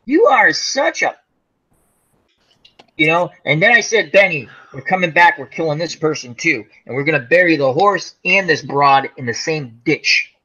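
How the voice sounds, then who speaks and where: A man's voice: on the high side, moderate pace, few pauses, bright, forceful tone, muffled recording. A man telling a long, funny story in a casual chat, acting out quotes and swearing freely. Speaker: podcast co-host telling a story.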